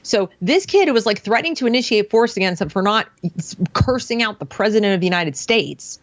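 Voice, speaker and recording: A woman guest telling a story casually in conversation, animated, and switching her voice when she quotes others. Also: fairly quick, no room sound, highs cut off. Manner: animated, acts out others' words with shifting pitch. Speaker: guest, parent and former teacher.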